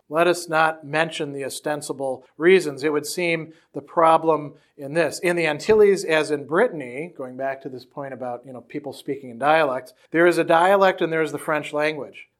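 Man lecturing with rhetorical questions. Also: fairly high pitch. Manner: reads quotations aloud, then explains them conversationally; frequent restarts and rhetorical questions. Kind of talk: lecture reading and explaining a text.

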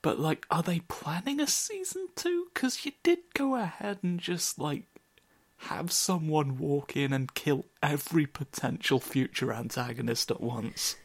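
A man's voice: fairly high pitch, expressive, a little slow, husky. A man co-hosting a casual chat, answering with wry, teasing remarks. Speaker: podcast co-host.

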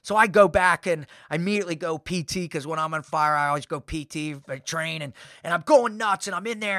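Male podcast host, storytelling monologue: emphatic, high, bright and forceful tone. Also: a little fast, no echo, clean studio sound. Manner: fired-up, emphatic, repetitive phrasing.

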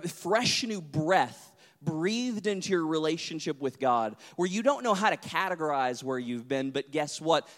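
A man preaching a sermon as pastor, telling a story with lively acted-out voices. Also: a little high. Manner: animated storyteller, acts out voices. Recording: long hall reverb.

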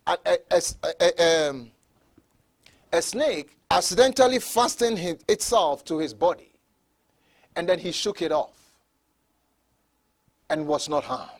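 Male pastor, sermon delivery, high and very lively pitch, stammering repeats. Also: a little slow, pauses often. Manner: repeats words, stammering restarts, laughs between points; swings from soft asides to loud emphatic preaching.

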